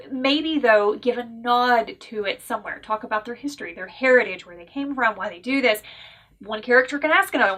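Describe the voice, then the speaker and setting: A Southern woman with a Southern US accent, casually reviewing a book in a chatty, animated way with frequent laughs and asides. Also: a little high. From American South.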